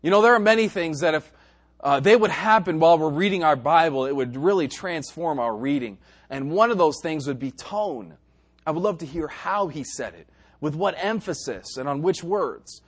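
High-voiced preacher delivering an emphatic sermon. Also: male voice, animated, normal speed. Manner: emphatic, swings from quiet asides to loud exhortation; dry jokes to the congregation.

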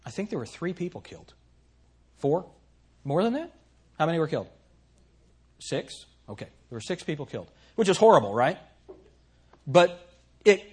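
A man preaching a sermon with earnest emphasis. He reads scripture emphatically and drops low for asides. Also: breathy edge. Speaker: pastor.

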